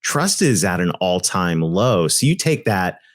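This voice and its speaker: A man's voice: low-pitched, big pitch swings, unhurried, dry recording, clean studio sound. A man co-hosting a podcast, talking earnestly and emphatically with loose asides. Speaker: podcast co-host. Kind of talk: conversational podcast discussion.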